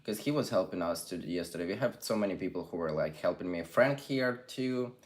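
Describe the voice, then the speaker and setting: A man's voice: low-pitched, expressive, brisk, background noise. A young man with a Ukrainian accent, chatting casually on a livestream and reading viewer comments aloud. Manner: chatty, reads comments aloud, non-native phrasing. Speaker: livestream host.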